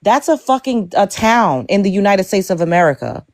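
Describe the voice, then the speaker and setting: A woman's voice: mid-range voice, very animated, fairly quick, a little mellow, no room sound. A woman hosting a heated panel talk, blunt and profane, hammering her points home.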